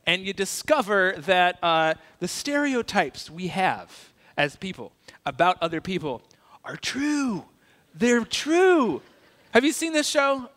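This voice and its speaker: A male pastor gives a conversational sermon with a high, bright voice. He keeps it light with jokes and stories. The sound carries a long church-hall reverb. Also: very animated, measured pace. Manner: conversational, joking storyteller.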